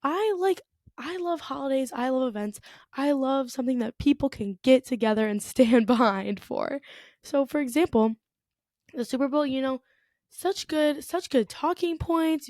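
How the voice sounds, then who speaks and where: A young woman from the United States chats through a solo podcast episode, her voice sitting a little high. She rambles in an easygoing way, dropping "like" and "you know" often, recorded close and dry with no room sound. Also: expressive, normal speed, a little mellow, no room sound. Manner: chatty, lots of "like" and "you know". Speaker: podcast host. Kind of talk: casual solo podcast monologue.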